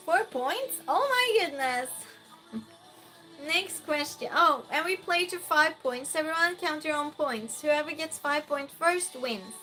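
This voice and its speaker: Slow, bright-voiced woman streamer. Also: high-pitched, expressive, faint music behind. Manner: reads viewer comments aloud and greets each by name. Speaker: streamer hosting a chat game. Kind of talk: casual live-stream chat.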